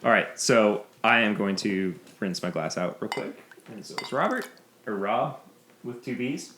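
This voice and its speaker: A man's voice: on the low side, lively intonation, moderate pace, pushed and bright, a little hiss or hum. A man hosting a casual bourbon podcast, talking loosely and laughing often. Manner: rambling, laughs often, restarts. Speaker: podcast host. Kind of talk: casual chat.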